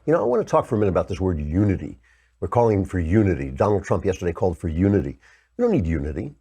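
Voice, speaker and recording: A man's voice: sing-song, rapid-fire, mellow, breathy edge. An older man hosting a political commentary show, delivering a heated, sarcastic monologue. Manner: heated, sarcastic, mocks opponents in high whiny put-on voices.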